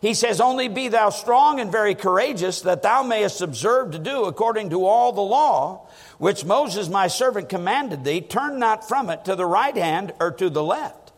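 This preacher's high voice rises and falls in wide, animated swings, leaning heavily on stressed words and dipping low for emphasis. The sermon resounds with the long reverb of a large hall.

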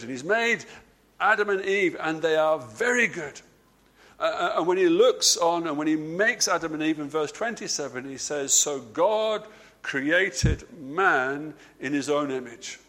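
A man preaching a sermon, stressing key words by slowing down and dropping his voice, with frequent repeated words and restarts. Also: a bit bright. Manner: emphatic, slows and drops low on key words.

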